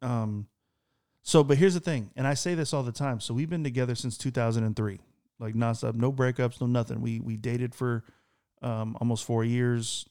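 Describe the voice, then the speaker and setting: Guy in his 30s telling a story on a podcast, lively, does the quotes in a higher voice, middle pitch. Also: moderate pace, clean tone. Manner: animated, acts out quoted lines in a higher voice. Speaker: podcast co-host. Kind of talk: casual storytelling.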